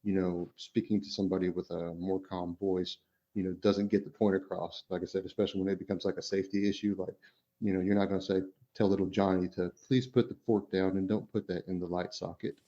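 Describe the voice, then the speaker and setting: A father on a casual podcast, speaking in a very low voice and rambling along with constant "you know" fillers. The audio sounds dull and lo-fi, and his thoughts wind through restarts before landing. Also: little pitch movement, fairly quick, warm tone.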